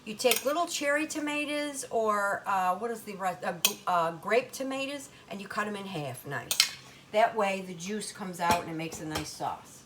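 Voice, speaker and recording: A woman's voice: medium pitch, animated, moderate pace, heavy background noise. An older woman hosting a home cooking demonstration in her kitchen, talking in a chatty, folksy Italian-American grandmother way.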